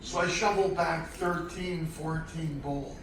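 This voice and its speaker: A man doing a stand-up comedy routine in a large theater on a cruise ship, loud and animated, shouting his punchlines. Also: fairly high pitch, unhurried. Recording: echoey theater from far off with crowd noise. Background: audience laughter.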